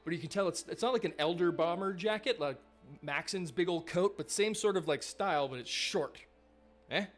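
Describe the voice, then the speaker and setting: A man narrating a live tabletop game as game master, in a casual, rambling way full of fillers and the odd swear. His voice sits a little higher than most men's, with faint music underneath. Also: moderate pace.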